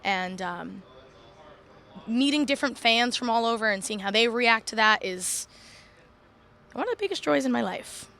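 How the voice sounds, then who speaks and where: A young woman from Long Island, a professional wrestler chatting as an interview guest in an animated, laughing way. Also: fairly high pitch, moderate pace, creaky, long pauses. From Long Island, New York. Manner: animated, laughing, self-deprecating. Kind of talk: casual interview chat.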